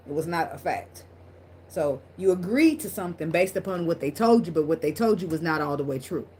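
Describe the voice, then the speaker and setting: A woman's voice: low voice, a little mellow, a little hiss or hum. A woman giving a casual tarot reading to her viewers, talking bluntly with plenty of swearing and laughter. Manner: blunt, profane and laughing, talks straight to viewers. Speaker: tarot reader.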